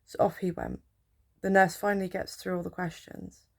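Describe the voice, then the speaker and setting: A young woman tells a story in a casual, rambling way, full of fillers. Her voice sits a little low and has a gravelly fry. She sounds drowsy, as if she is on painkillers. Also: little pitch movement, moderate pace. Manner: chatty, rambling, with filler words. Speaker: healthcare support worker.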